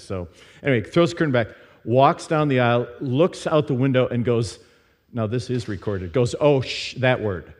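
Chatty self-deprecating man in a reverberant church. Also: mid-range voice. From Nashville. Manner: chatty and self-deprecating, many fillers and asides. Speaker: speaker teaching at a church service. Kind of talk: casual storytelling sermon. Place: church sanctuary. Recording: long hall reverb from a church.

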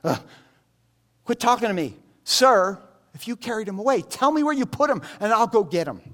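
A man's voice: high-pitched, big pitch swings, normal speed, fairly bright tone, pitched above the performer's own voice. A man voicing an exasperated young woman who impatiently brushes off a stranger with dismissive sighs.

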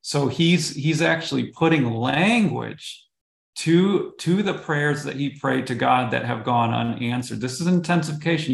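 A male pastor co-hosting a bible study podcast, his voice heavily gravelly with a strong fry. He explains earnestly, often restarting his sentences. The room adds a noticeable echo. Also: mid-range voice, unhurried.

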